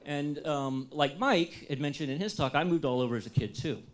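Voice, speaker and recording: An American man giving a talk to an audience, telling a personal story in a lively, self-deprecating and humorous way. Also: fairly high pitch, moderate pace. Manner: lively, self-deprecating and humorous, acts out his own past dialogue.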